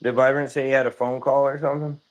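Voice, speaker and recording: A man's voice: mid-range voice, flat delivery, fast, lo-fi sound. A man streaming live from home, chatting casually in a loose, rambling way, swearing offhand and calling everyone "dude".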